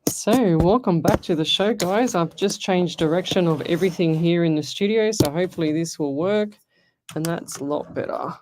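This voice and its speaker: An Australian woman hosts a live radio call-in show as a psychic medium, speaking from a radio studio with background noise. Her voice sits on the low side at a moderate pace. She's chatty and rambling as she reads listener questions, thinking aloud and restarting often.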